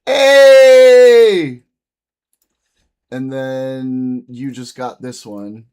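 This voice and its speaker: A man's voice: mid-range voice, very animated, a little slow. A man streaming live, joking crudely and reacting to clips in casual commentary. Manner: crude, joking, swings loud and soft.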